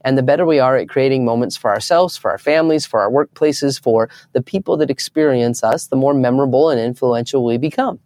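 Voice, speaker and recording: A man's voice: medium pitch, a little fast, hardly any pauses, darkish tone, no room sound, studio quality. A young adult man, a guest in an interview, telling stories earnestly and acting out the voices of people he quotes. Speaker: guest speaker. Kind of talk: storytelling in an interview.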